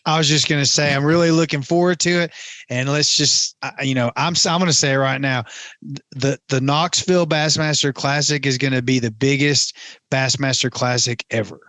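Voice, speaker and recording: A man's voice: mid-range voice, fairly even intonation, fairly bright tone, no room sound. A man who is a regular guest on a podcast, chatting casually and telling stories with enthusiasm. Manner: enthusiastic storyteller, quick laughs. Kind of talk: casual chat, storytelling.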